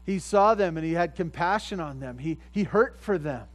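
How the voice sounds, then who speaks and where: A man preaching a sermon in a conversational way, often repeating phrases and rising louder at the points he stresses. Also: fairly high pitch, expressive, normal speed, poor audio. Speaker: pastor.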